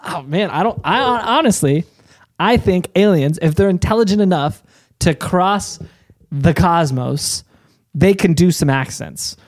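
A man's voice: on the high side, lively intonation, measured pace. A man co-hosting a comedy podcast, riffing playfully and laughing at the voicemails. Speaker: podcast co-host. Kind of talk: casual comedic chat.

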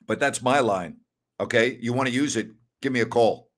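An older man hosts a sports talk show on his own, answering listener questions. He rants with pointed rhetorical questions and speaks in an emphatic, conversational way at a middle pitch. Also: moderate pace. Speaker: sports radio host.

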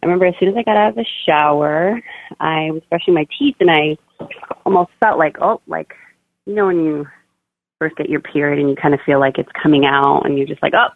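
Young woman, interview guest, chatty storyteller; gravelly fry; tinny phone-line sound. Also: low voice, fast, no echo. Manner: chatty, fills speech with "like" and "you know". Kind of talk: personal birth story told in an interview.

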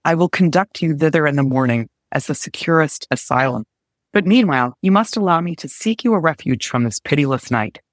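A woman reading aloud the lines of a gallant, protective male Scottish knight in a gentle, earnest way. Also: low voice, lively intonation, fairly quick, dry recording, clean studio sound.

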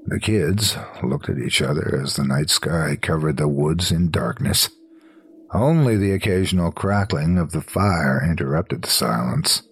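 A man narrating a scripted horror story in a slow, low, hushed storytelling manner. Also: expressive, slightly rough.

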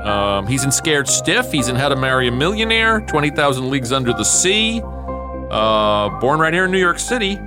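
A man's voice: medium pitch, sing-song, moderate pace, music in the background. A man hosting a casual chat about old films, enthusiastically rattling off lists of titles. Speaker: podcast host.

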